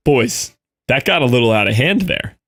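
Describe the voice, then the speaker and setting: A man livestreaming and chatting with viewers, excitable and laughing often, with quick asides to chat. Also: mid-range voice. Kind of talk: live stream chatter reading chat.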